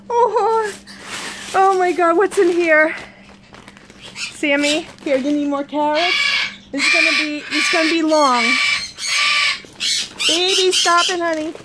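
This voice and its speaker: A woman opening a gift box on her vlog, gushing and breaking into laughing fits. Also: high voice. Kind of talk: casual unboxing vlog. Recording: noisy home recording.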